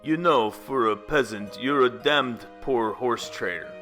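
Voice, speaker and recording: A man voicing a blunt, curt male Soviet premier in a deliberately poor mock Russian accent. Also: mid-range voice, fairly bright tone, soft background music, natural voice. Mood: snapping. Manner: curt, snapping.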